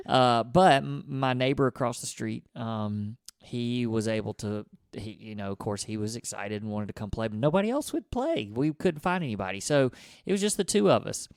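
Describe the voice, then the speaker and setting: A man's voice: mid-range voice, normal speed, clear, resonant tone, dry recording, studio quality. A man, co-hosting a podcast and telling a childhood story in casual conversation, acting out his own thoughts as he goes. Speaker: podcast co-host.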